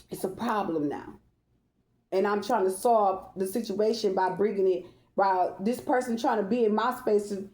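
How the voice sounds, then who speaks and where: A woman's voice: medium pitch, a little mellow. A woman speaking bluntly in a personal monologue, with profanity and slang.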